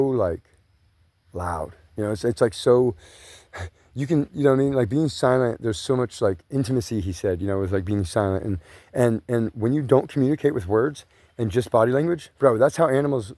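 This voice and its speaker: A male vlogger with a warm, medium-pitched voice paces along grassland trails outdoors, rambling casually and profanely. He says "you know" and "bro" a lot, and the recording is dry.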